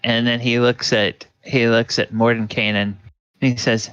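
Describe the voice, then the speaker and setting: A man narrating as game master of a tabletop game, unhurried with many pauses. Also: mid-range voice, level tone, fairly bright tone, clean tone, no room sound, dull audio. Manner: unhurried, frequent ums and uhs.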